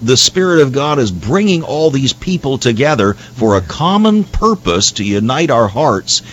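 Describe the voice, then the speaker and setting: A man's voice: medium pitch, big pitch swings, normal speed, fairly bright tone, dull audio. A man from the United States hosting a Christian radio talk show, earnest and preacherly, with frequent "uh" fillers.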